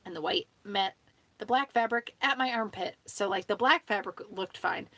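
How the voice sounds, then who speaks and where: A woman's voice: medium pitch, normal speed, a bit bright, no room sound. A woman hosting a casual home stream, chatting in a rambling way, swearing freely and laughing often. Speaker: host of a sewing hangout stream. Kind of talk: casual chat.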